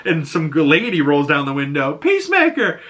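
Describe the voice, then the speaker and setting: A young man hosting a casual reaction recap, excitable, laughing often and acting out lines as he talks. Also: on the high side, brisk. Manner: excitable, laughing, acts out quotes. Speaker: reaction channel host.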